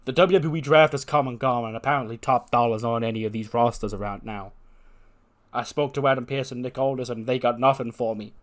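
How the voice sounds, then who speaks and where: A man's voice: mid-range voice, a little fast, lightly acted. A man doing a brash, boastful wrestler. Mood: aggrieved. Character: boastful desperate male wrestler, pleading.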